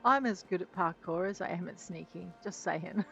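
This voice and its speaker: A woman's voice: lowish voice, normal speed, gravelly, fairly bright tone, a little hiss or hum. A woman giving chatty, self-mocking commentary while playing a video game, talking back to the characters. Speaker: let's play gamer. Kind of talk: casual gameplay commentary. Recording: dull lo-fi mic with game music.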